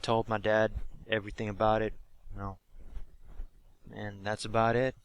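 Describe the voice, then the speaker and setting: A young man with a sore, hoarse throat, recapping a live wrestling show he went to in an animated, swear-heavy way. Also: lowish voice, moderate pace. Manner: animated storytelling, swears freely, acts out quotes. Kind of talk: casual excited recap.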